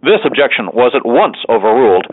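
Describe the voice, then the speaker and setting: A man narrating a classic novel as an audiobook, in an expressive, animated storytelling manner. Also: mid-range voice, a little fast, no echo. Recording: dry, phone-like narrow sound.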